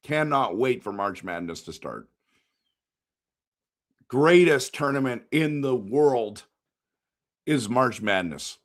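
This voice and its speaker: A man with a hoarse, worn-out voice hosting a casual live-stream post-game show, rambling, answering chat and breaking into excited outbursts. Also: mid-range voice, takes it slowly, pauses often. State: hoarse, voice shot.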